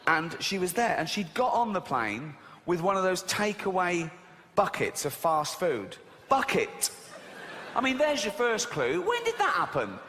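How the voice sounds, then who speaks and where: A man performs stand-up on a big live stage, his voice high and bouncing all over as he rants and slips into mocking voices. The hall adds a long tail of reverb, with faint room noise under it. The audience laughs along. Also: measured pace. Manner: animated ranting, mimicking silly voices. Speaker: stand-up comedian. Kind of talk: stand-up routine. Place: live stage in a large venue.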